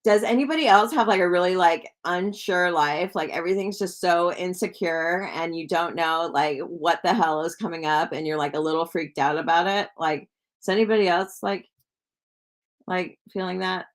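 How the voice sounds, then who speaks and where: A woman's voice: fairly low pitch, normal speed. A woman hosting a psychic live stream, rambling casually with lots of "like" and asking her viewers questions.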